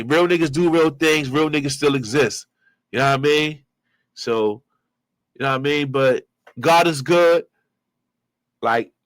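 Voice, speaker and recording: A man hosting his own show, giving loose, slangy street commentary and shout-outs. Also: medium pitch, no room sound. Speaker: show host reacting to clips. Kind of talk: casual commentary.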